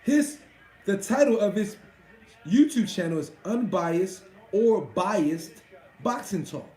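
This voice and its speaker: A man's voice: high-pitched, lively intonation, slow pace, mellow, reverberant, rough recording. A man hosting a live stream, chatting casually with his viewers in a profane, boastful way. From Washington D.C.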